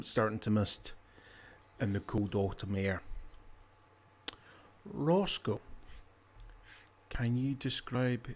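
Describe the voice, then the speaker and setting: A man running a tabletop game as game master, narrating in a relaxed, halting way. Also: on the low side.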